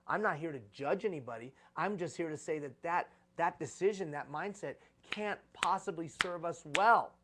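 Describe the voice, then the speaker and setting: A man's voice: fairly high pitch, moderate pace, hardly any pauses, background noise. A man giving a live conference talk on leadership, preaching with repeated phrases for emphasis.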